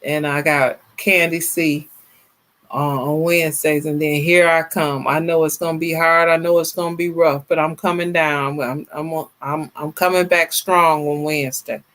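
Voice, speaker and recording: A woman's voice: sits low, normal speed. A woman in her fifties hosting a casual livestream. She sounds worn out and chats with her viewers. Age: 50s. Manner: chatty, animated, laughs often, talks to viewers as y'all. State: tired, worn out. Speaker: livestream host. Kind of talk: casual livestream chat, reading viewer comments.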